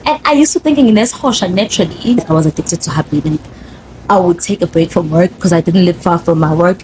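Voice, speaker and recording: A young woman with a South African Zulu accent, hosting a podcast and telling her story in a casual, animated monologue. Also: on the low side, a little hiss or hum, low-quality recording. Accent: South African, Zulu-speaking. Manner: chatty, code-switching, animated storyteller. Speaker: podcast host.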